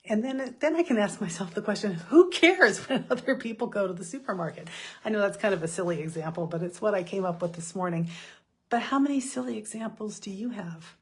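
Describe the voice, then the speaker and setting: A middle-aged woman giving a chatty motivational talk, self-deprecating and quick to laugh. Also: medium pitch, animated, slightly rough. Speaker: speaker.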